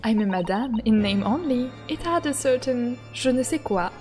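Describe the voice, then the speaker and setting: A woman's voice: fairly high pitch, animated, moderate pace, a little mellow, faint music behind, natural voice. A woman voicing an elegant young French museum owner with a put-on French accent. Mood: poised.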